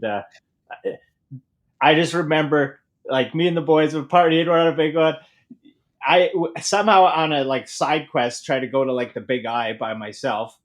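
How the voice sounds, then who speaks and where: A man, a podcast guest telling oilfield party stories in an animated, profane way, laughing as he talks. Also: mid-range voice. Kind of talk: casual storytelling.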